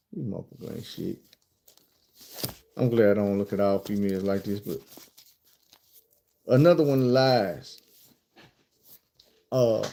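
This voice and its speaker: A middle-aged man, telling a story in a casual storytime style. His voice is gravelly and mellow. He is blunt and profane, with an animated way of talking. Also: mid-range voice.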